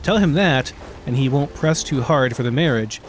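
A man voicing a calm, wry, diplomatic prince while reading a game book aloud. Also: mid-range voice, normal speed, slight background noise, close to an everyday voice. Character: smooth diplomatic adult prince, wry and scheming.

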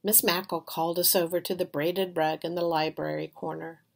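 A woman reading a children's chapter book aloud in an expressive storytelling manner. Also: lowish voice, moderate pace, creaky. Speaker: reader.

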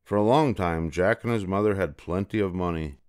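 Deep-voiced grandfather reading a fairy tale. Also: clear, resonant tone, dry recording, studio quality. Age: older. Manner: slow, gentle, repetitive storytelling. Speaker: storyteller.

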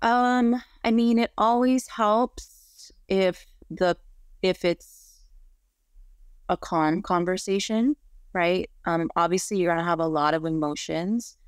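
A woman's voice: lowish voice, takes it slowly, smooth, no room sound, studio quality. A woman therapist explaining things earnestly in an interview, often checking in with "right?". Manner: frequent "right?" tag questions, earnest and explanatory. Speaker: marriage and family therapist, guest. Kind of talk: conversational interview.

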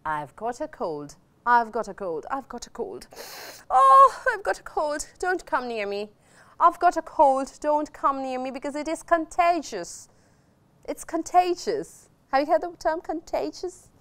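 Animated Sri Lankan woman teacher. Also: high voice, measured pace. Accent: Sri Lankan English. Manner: animated, repeats phrases for drilling, switches into Sinhala. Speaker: English teacher. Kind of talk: televised English lesson.

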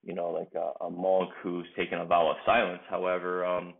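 A man's voice: low voice, completely flat delivery, brisk, gravelly. A man coaching and hosting a motivational solo podcast, talking in an earnest, reflective way with frequent fillers. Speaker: baseball coach and podcast host. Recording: tinny phone-like sound.

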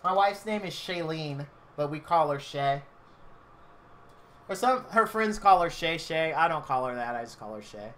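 A man's voice: on the high side, lively intonation, moderate pace, fairly bright tone. A man in his thirties telling a rambling personal story on a live game stream, chatty and full of "like".

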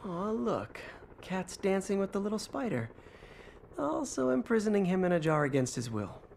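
A man's voice: sits high, big pitch swings, moderate pace, vocal fry, darkish tone, a little hiss or hum, full character voice. A man voicing a wisecracking young male superhero in a video game, with dry, joking asides. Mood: wry. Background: game music.

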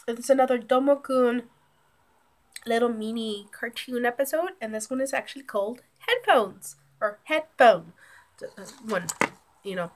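Woman vlogger, slightly high voice, nasal from a cold, breathless, loose rambling chat. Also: lively intonation, measured pace. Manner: chatty, rambling, self-correcting. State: sick and nasal; short of breath. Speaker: YouTube vlogger. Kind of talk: casual vlog intro to camera.

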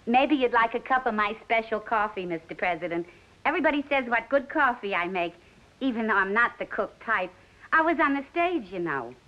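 A woman's voice: fairly high pitch, animated, fairly quick, natural voice. An actress playing a chatty former showgirl mother. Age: middle-aged. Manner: talkative, self-promoting. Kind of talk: 1950s film acting. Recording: dull old film soundtrack.

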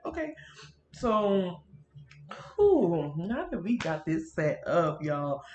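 Woman, casual vlog chat, rambling and animated, built-in computer mic, echoey room, faint hum. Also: fairly low pitch, measured pace, highs cut off. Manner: rambling, animated, talks to viewers as y'all. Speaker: gaming YouTuber. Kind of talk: casual chatty vlog narration. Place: home room near a busy street.

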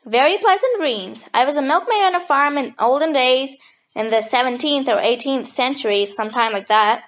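Woman reading sentimental young woman, wry, grumbly, a bit nervous, fairly high voice. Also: animated, normal speed. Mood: dreamy. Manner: wry, grumbling, gently dramatic. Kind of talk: audiobook character voice.

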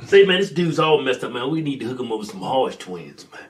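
Loud laughing man with wild pitch swings. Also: very animated, fairly quick, a little hiss or hum. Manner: loud, laughs often, crude joking. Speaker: comedy vlogger. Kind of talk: casual comedic banter.

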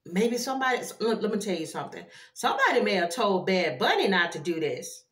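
A woman doing a casual tarot card reading for her viewers, animated and chatty, with frequent exclamations. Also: mid-range voice, fairly quick. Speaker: tarot reader. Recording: echoey room.

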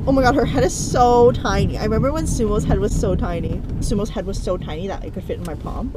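A woman's voice: on the high side, fast, few pauses, very noisy. A woman vlogging casually, cooing at puppies in baby talk and often gasping and laughing. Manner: excitable, gasps and laughs often. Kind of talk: casual vlog.

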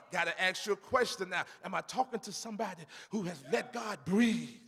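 Man, pastor, fervent sermon, high voice, gravelly, church reverb. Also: a little fast, few pauses, pushed and bright. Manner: fervent preaching, calls for congregation responses. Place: church sanctuary. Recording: long reverb of a church sanctuary.

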